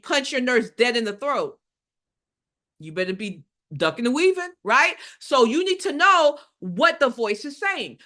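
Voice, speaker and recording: A woman nursing instructor runs a live exam-review lesson, lively and emphatic in a mid-range voice. She poses questions and then answers them herself.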